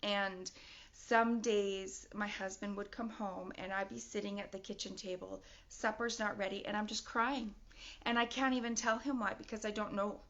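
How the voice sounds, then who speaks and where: A middle-aged woman talks straight to camera about her own life, candid and rambling, often breaking into short laughs. Her voice sits at an ordinary middle pitch. The audio is a little dull and lo-fi. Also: fairly even intonation, moderate pace, fairly bright tone. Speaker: vlogger. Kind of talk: personal video talk.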